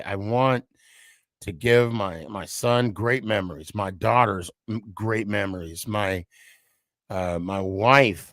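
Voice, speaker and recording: A middle-aged man hosting a podcast, speaking in a halting, heartfelt personal monologue with frequent restarts. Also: fairly low pitch, fairly bright tone, dry recording. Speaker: podcast host.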